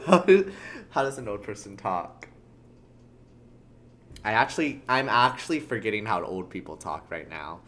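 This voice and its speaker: A woman's voice: a bass voice, lively intonation, moderate pace, long pauses, a bit bright. A woman streamer chatting playfully while playing through a game and laughing at herself. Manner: playful, self-mocking, laughs often. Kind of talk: casual game playthrough chat.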